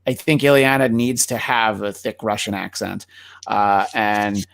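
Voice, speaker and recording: Gravelly-voiced man hosting a podcast. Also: fairly low pitch, fairly even intonation, unhurried, fairly bright tone, dry recording. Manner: hesitant, many restarts and fillers. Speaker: podcast host. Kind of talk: casual movie talk.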